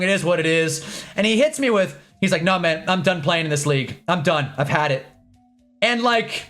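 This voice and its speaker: A young man streamer telling an exasperated, animated story in a casual rant, swearing as he goes. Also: sits high. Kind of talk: casual ranting livestream.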